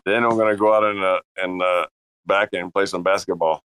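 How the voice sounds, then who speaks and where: A man's voice: low voice, steady tone, a little fast, fairly bright tone, clear, resonant tone, no echo. A man chatting casually on a panel, muttering asides to himself while he fiddles with a screen. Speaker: panel guest. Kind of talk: casual chat.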